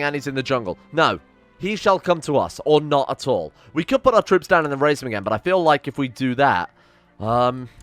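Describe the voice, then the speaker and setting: Young man, gameplay commentary, fairly high voice, exasperated, swearing, soft music behind. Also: no echo. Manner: exasperated, swearing, theatrical rants. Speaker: game streamer.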